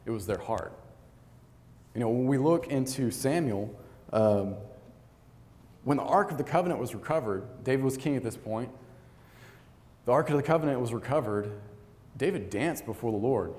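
A man's voice: mid-range voice, animated, fairly quick, a little mellow, long reverb tail. A man preaching a sermon, reading scripture aloud and telling stories in an earnest, conversational way.

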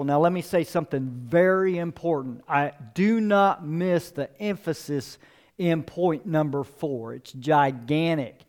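A man's voice: on the high side, measured pace, darkish tone. A male pastor preaching a sermon, emphatic, repeating key phrases and building up for emphasis.

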